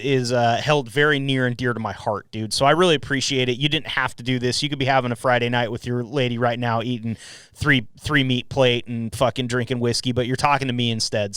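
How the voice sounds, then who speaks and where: A man's voice: mid-range voice, fairly bright tone, smooth, dry recording. A man hosting his own podcast, chatting casually, joking, swearing and laughing often. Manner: loose, profane and laughing. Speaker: podcast host. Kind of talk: casual chat. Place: home podcast room at night.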